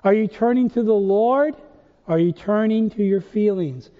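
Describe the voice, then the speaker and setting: In a reverberant church hall, captured on a dull, lo-fi recording, a high-pitched pastor preaches at a moderate pace. He fires rhetorical questions with emphatic rises.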